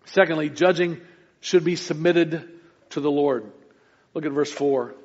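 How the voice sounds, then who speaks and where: A man's voice: on the high side, a little slow, long reverb tail. A male pastor preaching a sermon earnestly, with restarts between points and sudden emphatic rises. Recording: muffled lo-fi recording.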